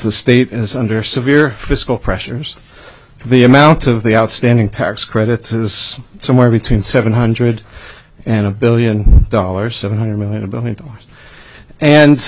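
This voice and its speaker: Formal official testifying to lawmakers. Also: male voice, mid-range voice. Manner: measured and formal, with fillers and repeated words. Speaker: deputy commissioner of a state revenue department.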